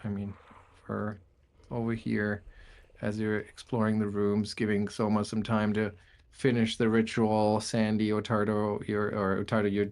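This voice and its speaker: Slow, measured man narrating as game master. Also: on the low side, a little mellow. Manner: measured, halting descriptive narration.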